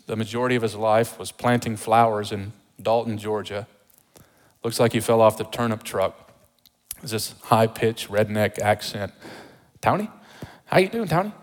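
A pastor preaching a sermon with emphasis, repeating rhetorical questions to the congregation. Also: male voice, medium pitch, big-room sound.

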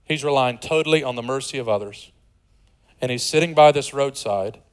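A man in his forties preaching a sermon, shifting from loud and excited to soft and hushed, with conversational, joking asides. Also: mid-range voice, brisk, clear, resonant tone, poor audio. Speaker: pastor.

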